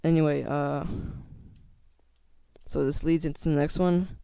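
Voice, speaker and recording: Teenage male YouTuber, nervous and halting delivery, slightly high voice with a gravelly edge. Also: steady tone, warm tone, no room sound. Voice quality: voice cracks. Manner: hesitant, many fillers and restarts. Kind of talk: casual vlog monologue.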